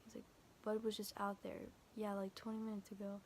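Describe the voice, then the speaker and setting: A young woman vlogger casually tells of a scary night in a medium-pitched, completely flat voice, a little fast. She rambles with many fillers and restarts, quoting texts via "I was like" and "he's like." A little hiss or hum is audible.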